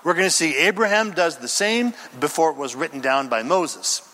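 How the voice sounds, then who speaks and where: A man's voice: on the high side, lively intonation, normal speed, pushed and bright, in a large hall. A male pastor preaching a sermon, acting out the quoted lines and calling out questions to the congregation.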